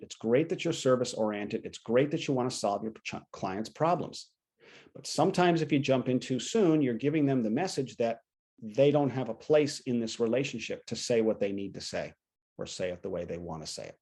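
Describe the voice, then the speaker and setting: Man coaching calmly on listening skills. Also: mid-range voice. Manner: conversational, acts out client quotes. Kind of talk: teaching a training session.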